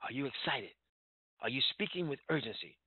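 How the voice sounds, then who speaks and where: A man's voice: mid-range voice, very animated, brisk, husky, dry recording. Urgent, emphatic male motivational trainer; dry, phone-quality sound. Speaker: sales trainer. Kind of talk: motivational business training talk. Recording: tinny phone-like line, dry.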